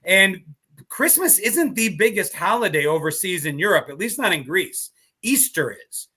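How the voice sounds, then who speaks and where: Podcast co-host, man in his fifties, high and very bright voice, animated storyteller. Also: slightly rough. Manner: animated storytelling, quick to laugh. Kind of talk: casual live podcast chat.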